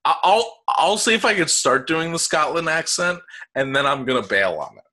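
A man's voice: a little high, expressive, normal speed, sharp tone. A man co-hosting a podcast, reading out facts in casual chat, hesitant and joking, with many fillers. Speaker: podcast co-host.

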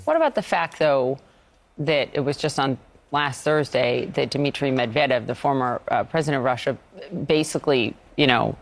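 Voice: medium pitch, normal speed, vocal fry. A co-anchor on a morning news show, asking direct, pointed questions. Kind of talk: live TV news interview.

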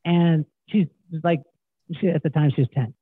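A middle-aged man guest, telling stories in an animated way and acting out quotes. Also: fairly high pitch, moderate pace, breathy edge, no echo. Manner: animated storyteller, acts out quotes. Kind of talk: casual storytelling interview. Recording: tinny phone-like line, dry.

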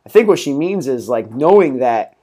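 A man's voice: mid-range voice, very animated, normal speed, warm tone. Upbeat rambling male podcast host. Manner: upbeat, rambling, many likes and laughs. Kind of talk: casual solo podcast talk.

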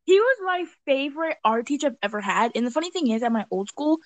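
A woman guest on a podcast chatting casually, animated and laughing often as she acts out quotes. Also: sits high, quick pace, no echo. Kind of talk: casual chat.

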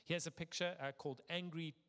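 A male preacher reads scripture with dramatic pauses, his voice dropping softly at the ends of phrases. Then he slides into relaxed, conversational preaching with a few fillers. His voice carries a long reverb, as in a large church hall. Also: on the high side, clean tone. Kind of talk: scripture reading and sermon.

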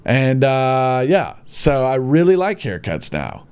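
A young man telling a personal story in a casual monologue, blunt and swearing freely, swinging between high exclamations and low mutters. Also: huge pitch swings, slow, a little mellow, smooth.

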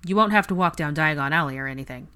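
A woman voicing a wry, teasing young man in a fan fiction audiobook reading, in her own low voice with light, good-humoured ribbing. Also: quick pace, bright, forceful tone, clear, resonant tone.

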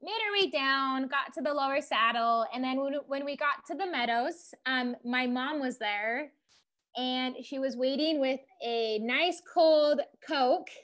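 A young woman tells a story in a relaxed conversation. Her voice sits a little high, and she talks in loose runs packed with "like", laughing here and there. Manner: chatty, lots of "like", laughs while telling. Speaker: podcast host telling her climbing story. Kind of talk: casual storytelling chat.

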